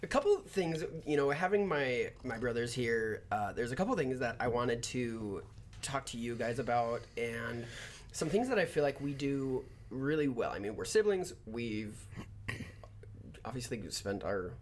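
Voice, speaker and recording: A man's voice: medium pitch, animated, unhurried, slight background noise. A young man hosting a casual podcast chat with his brothers, laughing often and restarting his sentences. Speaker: podcast host.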